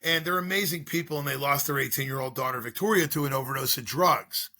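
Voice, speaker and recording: A man's voice: mid-range voice, fast talker, sharp tone. A middle-aged man, a school drug-prevention speaker, telling his story in an interview with earnest, repetitive rhetorical questions.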